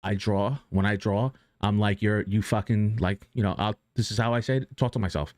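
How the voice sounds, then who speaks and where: A man's voice: fairly low pitch, moderate pace, few pauses, darkish tone, no room sound, clean studio sound. A man streaming live who talks casually and earnestly about motivation, rambling with many restarts and fillers and swearing now and then.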